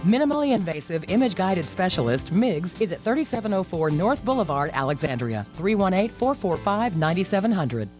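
Woman reading a lively medical ad. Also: lowish voice, a little fast, few pauses, music in the background. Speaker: ad voice-over. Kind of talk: scripted commercial read.

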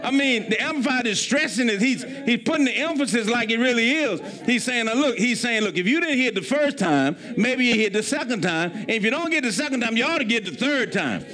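A man pastor, preaching a sermon with an emphatic, repetitive cadence that slows on key phrases. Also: extremely high pitch, lively intonation, bright, forceful tone.

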